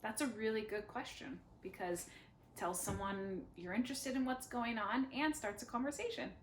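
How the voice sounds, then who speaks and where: A young woman speech therapist at home, modeling practice questions slowly and deliberately with playful, self-teasing asides. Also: on the high side, slight background noise. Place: home living room.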